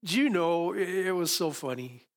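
A middle-aged man preaching a sermon as pastor, telling a personal story with sudden loud emphatic peaks. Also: sits high, animated, normal speed.

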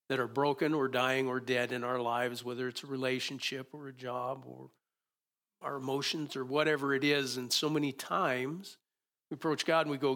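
A man's voice: medium pitch, a bit bright. A man preaching a sermon in a conversational, musing way, often restarting his sentences.

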